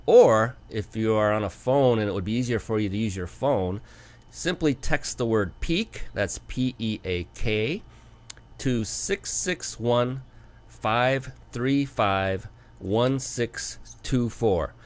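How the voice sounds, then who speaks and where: A man hosting a business talk show, chatting enthusiastically and spelling out details slowly. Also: mid-range voice, expressive. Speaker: show host. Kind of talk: casual interview talk.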